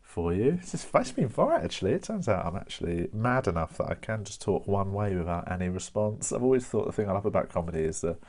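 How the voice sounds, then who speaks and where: Low-voiced chatty comic. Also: male voice, sing-song, fast talker, few pauses, a little mellow. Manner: chatty, laughs often, slips in mate and innit. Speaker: stand-up comedian. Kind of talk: stand-up storytelling without an audience. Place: home, performing to a camera online.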